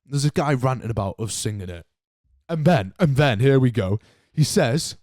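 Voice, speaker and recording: A man's voice: mid-range voice, normal speed, no echo, clean studio sound. A young man hosting a solo podcast, chatting casually and ranting with lots of banter. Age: young adult. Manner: animated, ranting, banter-heavy. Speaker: podcast host.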